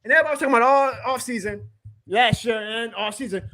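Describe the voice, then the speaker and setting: A man's voice: sits high, fast talker, sharp tone. A man hosting a live sports stream, ranting with profanity and laughing often. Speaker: podcast host.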